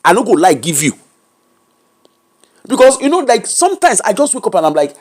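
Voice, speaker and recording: A woman with a Nigerian accent, an interview guest telling a personal story candidly, animated and emphatic, slipping Pidgin and Yoruba into her English. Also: medium pitch, moderate pace.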